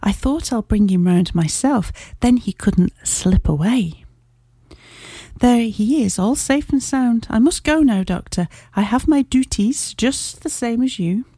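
An eager, dutiful railway guard, as a woman puts him on, bustling and a touch raised in pitch. His lines are lively, with a warm, dark tone. The read is dry and close to the mic. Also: unhurried, slightly rough, dry recording. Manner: bustling, hushed at first.

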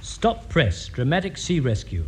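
A blunt, mocking neighbour. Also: male voice, a little high, wildly swooping pitch, measured pace, background noise. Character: gruff neighbour reading the paper aloud.

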